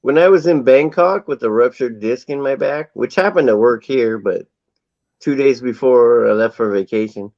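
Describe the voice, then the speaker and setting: A man's voice: medium pitch, normal speed, a little mellow, dry recording. A man telling a long rambling anecdote in casual chat. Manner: rambling anecdotal storytelling with acted quotes. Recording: dull lo-fi sound.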